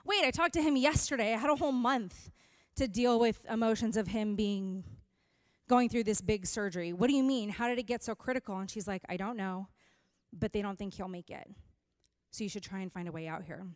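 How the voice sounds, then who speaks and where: A young woman speaking as a youth pastor, giving an earnest and animated sermon that moves from scripture into a candid personal story. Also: mid-range voice, fairly quick, dry recording. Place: church hall.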